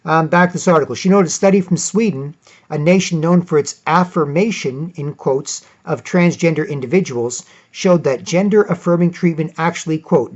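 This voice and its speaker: A man's voice: on the high side, normal speed. A man vlogging opinionated commentary, reading out articles with sarcastic asides, rambling, and restarting often. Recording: dull lo-fi audio.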